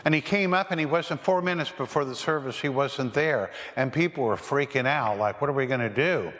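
A man's voice: on the high side, moderate pace, a bit bright, big-room sound. A male pastor preaching a sermon, telling stories and asking his listeners rhetorical questions. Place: church.

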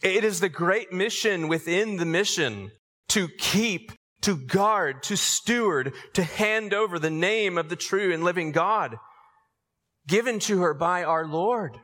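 A pastor delivers an earnest sermon, and his voice carries a bright, forceful edge. It sits a little higher than most men's and swells into emphatic calls. A long reverb trails off the walls of a large church. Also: expressive, a little slow. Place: church sanctuary.

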